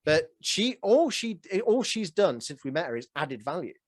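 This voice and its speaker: A man in his early forties hosting a casual interview, telling stories with animated energy and a self-deprecating chuckle. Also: on the high side, moderate pace, no room sound, studio quality. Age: 40s. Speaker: podcast host.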